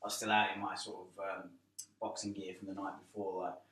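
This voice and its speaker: A man's voice: low-pitched, level tone, quick pace, pushed and bright. A man in casual podcast chat, blunt and swearing freely as he tells a story. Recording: roomy, distant mic, faint ambience.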